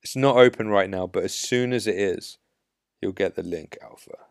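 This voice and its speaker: A man's voice: low-pitched, normal speed, no room sound, studio quality. A man hosting a podcast, giving blunt, assertive dating advice in an emphatic monologue. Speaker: dating coach podcast host.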